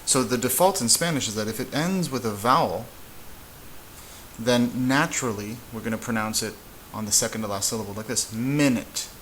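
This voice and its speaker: A man teaching a casual whiteboard lesson, relaxed and halting, with frequent fillers and restarts. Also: mid-range voice, a little hiss or hum, rough recording. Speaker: Spanish teacher.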